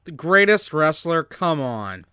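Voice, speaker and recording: Dry, teasing male co-host with a clear voice. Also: fairly high pitch, very animated, slow, sharp tone, dry recording. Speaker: podcast co-host. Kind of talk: casual chat.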